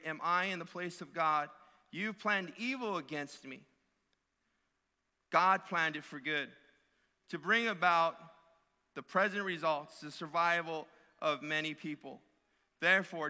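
Pastor, male, bright forceful preaching, repeats lines, big reverberant church sound. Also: fairly high pitch. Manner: emphatic preaching with repeated phrases. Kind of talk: sermon. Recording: long hall reverb.

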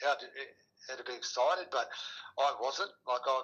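A man's voice: medium pitch, moderate pace, fairly bright tone, slightly rough, muffled recording. A middle-aged man, a retired rugby player, talking casually as an interview guest, rambling with many restarts and fillers. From Australia.

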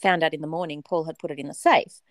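A woman in her forties telling a personal story in a casual chat, animated and dramatic, often laughing. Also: low voice, fast talker, dry recording.

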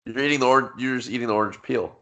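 A man's voice: mid-range voice, racing, creaky, a bit bright. Jokey guy on a sports podcast giving his friends a hard time, average voice. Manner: teasing, playful ribbing. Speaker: podcast co-host. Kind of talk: casual sports chat.

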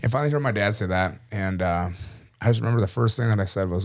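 Fast-talking low-voiced man telling a story. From Minnesota, USA. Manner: casual, chuckles often, many "you know" fillers. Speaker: guest, army veteran. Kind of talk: personal storytelling in an interview.

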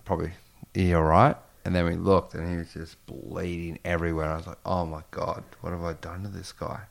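A man telling rowdy stories in a casual chat, swearing often and getting animated. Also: low-pitched, fairly quick, creaky.

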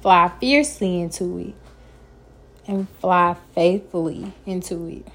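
A woman's voice: lowish voice, a little slow, a bit bright, slight background noise. A woman hosting her own podcast, giving an earnest, encouraging self-help talk and sometimes stumbling over her words. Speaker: podcast host.

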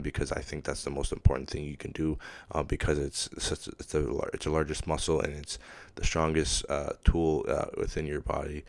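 A man's voice: rumbling low, creaky, no echo. A young man talking casually on his own in his room at home, rambling with many fillers and restarts. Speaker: podcast host. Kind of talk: casual solo monologue.

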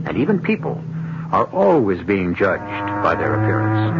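A man hosting a radio mystery show, giving scripted introductions in a measured, wry manner with dramatic pauses. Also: lowish voice, sing-song. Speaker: host. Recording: dull old radio broadcast with music.

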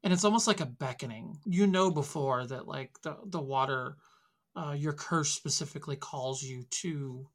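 A woman narrating a tabletop game as game master, descriptive and often pausing on fillers. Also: low-pitched.

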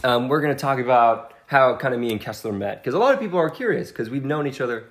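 Playful young man with a lively voice. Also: mid-range voice, fast talker. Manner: playful, teasing banter. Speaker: podcast co-host. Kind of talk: casual chat.

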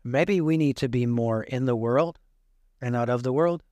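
A man's voice: medium pitch, moderate pace, darkish tone, dry recording, studio quality. A man, a pastor, preaching a sermon and retelling a story with quoted dialogue.

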